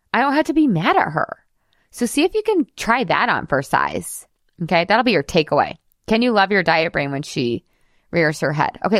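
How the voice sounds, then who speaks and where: A woman's voice: lowish voice, fairly bright tone, dry recording, studio quality. A woman hosting a casual podcast monologue as a weight loss coach, chatty and giggly, casually swearing and saying "like" a lot.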